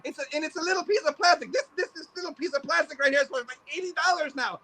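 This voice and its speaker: A man talking as a guest on a casual podcast, animated and goofy, breaking into silly voices and mock outbursts. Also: very high voice, rapid-fire, few pauses, noisy background.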